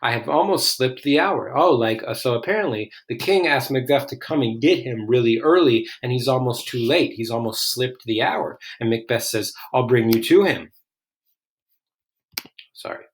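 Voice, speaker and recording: A man talks through old verse in a relaxed, conversational way, reading a line and then putting it in everyday words. His tone is curious and musing. His voice sits at a middling pitch. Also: moderate pace. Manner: reads lines then paraphrases them in plain talk, musing and curious. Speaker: literature explainer. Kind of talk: casual read-aloud with commentary.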